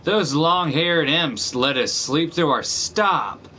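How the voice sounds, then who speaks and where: A man voicing a quick, cheeky bearded sailor who talks in a chirpy, slightly sly way. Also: fairly high pitch, lively intonation, pushed and bright, slight background noise, pitched above the performer's own voice, full character voice. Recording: music playing underneath.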